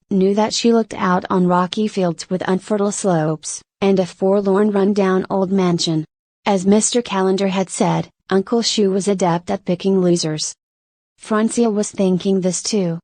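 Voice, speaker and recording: A woman reading a novel aloud in a steady, measured storytelling manner. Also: mid-range voice, no room sound. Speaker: audiobook reader.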